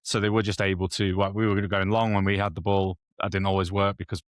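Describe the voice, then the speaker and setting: A man's voice: sits low, little pitch movement, fast, no echo, studio quality. A man co-hosting a football podcast, talking through match tactics at length in a rambling, self-correcting way. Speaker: podcast co-host. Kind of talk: casual football analysis.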